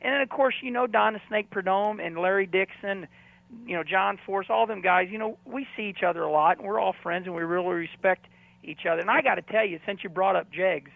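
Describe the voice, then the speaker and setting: A man's voice: high voice, fairly quick, vocal fry, no room sound. A man who is a race car driver, chatting as a radio guest in a rambling, jokey way full of "you know," over the phone. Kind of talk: casual phone-in chat. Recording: tinny phone line.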